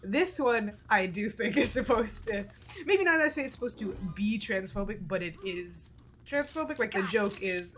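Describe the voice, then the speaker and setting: A chatty woman gaming on a livestream, rambling candidly over the game. Her voice sits at an ordinary middle pitch, and she swears now and then. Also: lively intonation, moderate pace, crowd noise. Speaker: streamer. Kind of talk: casual let's-play commentary.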